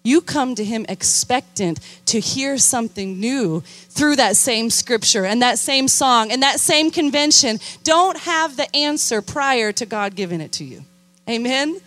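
A young woman youth minister preaching with animated emphasis, her voice pitched a little high. She drives her points home and keeps calling for responses from her listeners. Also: measured pace, dry recording. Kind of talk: sermon.

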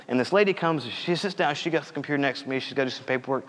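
A man's voice: mid-range voice, very fast, a bit bright. Young man preaching in a reverberant hall. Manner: earnest, conversational preaching with storytelling. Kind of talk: sermon.

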